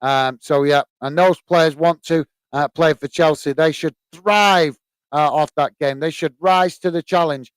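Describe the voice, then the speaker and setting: A British man hosts a casual football live stream, reading viewers' chat messages aloud. He talks in a halting way, full of "uh" and "um", and calls everyone "mate". His voice is smooth and a bit high, recorded dry and close. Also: no echo.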